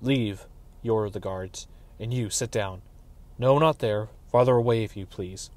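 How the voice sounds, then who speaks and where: A man reading aloud, voicing a gruff, officious middle-aged castellan in a fantasy story. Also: normal speed, close to an everyday voice. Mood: stern. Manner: exclaiming, higher and louder than the narration. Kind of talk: dramatic audiobook reading.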